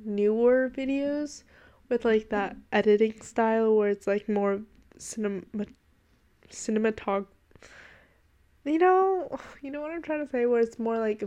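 A young woman hosts a casual solo podcast, rambling and gushing with a constant stream of "like". Her voice sounds a little congested and sits slightly high for a woman. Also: measured pace, warm tone, dull audio. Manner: rambling and gushing, heavy use of "like". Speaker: podcast host.

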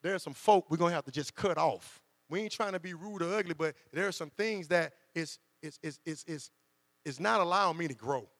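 A man preaching, his voice high and gravelly. He talks to the congregation like a friend and acts out quotes. The hall gives a long reverb, and a low mains hum runs underneath. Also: brisk, fairly bright tone. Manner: conversational preaching with dramatized quotes. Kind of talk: sermon.

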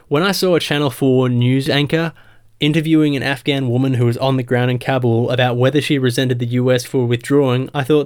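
Sarcastic man with a deadpan comedy monologue. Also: medium pitch, clear, resonant tone. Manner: sarcastic, deadpan mock-statistics delivery. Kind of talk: satirical stand-up monologue.

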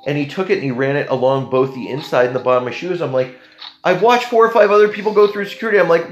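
Animated Canadian man telling a story. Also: fairly high pitch, fast, roomy sound. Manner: animated, jumps into other people's voices. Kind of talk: casual storytelling to camera.

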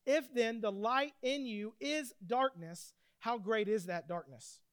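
A pastor preaching with lively storytelling, his voice pitched high and smooth. He slows down and leans into the words when reading scripture, and the sound is dry and close. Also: no echo. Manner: animated storytelling preacher, reads scripture slowly. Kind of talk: sermon.

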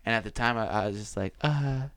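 A man's voice: on the low side, level tone, very fast, a bit bright, clean tone, no echo, studio quality. A young man telling a rambling story in casual podcast chat, acting out the people he quotes.

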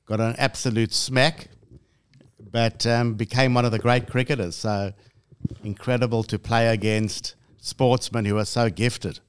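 A man's voice: mid-range voice, fairly even intonation, unhurried, clean tone. A middle-aged man, speaking plainly as a podcast guest. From South Africa.

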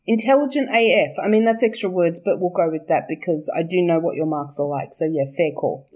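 A woman's voice: fairly low pitch, brisk, a little mellow. A young woman, chatting casually about her book's characters, laughing often, swearing and correcting herself as she goes. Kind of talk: casual chat.

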